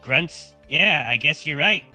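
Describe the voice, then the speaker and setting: A man's voice: fairly high pitch, lively intonation, takes it slowly, pushed and bright, faint music behind. A male voice acting as an AI co-host in casual commentary, reading stage directions aloud and calling his partner "partner".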